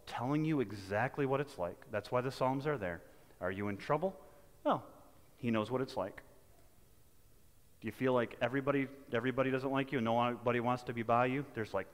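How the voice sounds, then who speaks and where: A male pastor preaching in a relaxed, conversational way, with folksy asides and frequent restarts. His voice sits at an ordinary middle pitch. A long church reverb trails after every phrase. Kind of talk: sermon. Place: church sanctuary.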